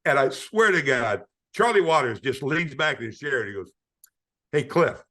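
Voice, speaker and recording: A man's voice: medium pitch, big pitch swings, a little fast, bright, forceful tone. An older man, a retired sportscaster, telling stories in a podcast interview, acting out quoted voices with frequent stammering restarts. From United States.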